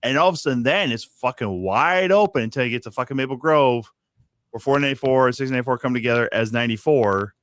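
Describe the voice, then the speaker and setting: A man's voice: medium pitch, quick pace, fairly bright tone, dry recording. A man, co-hosting a casual live stream and ranting about traffic with heavy swearing. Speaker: podcast co-host. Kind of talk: profane casual chat. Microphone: video call.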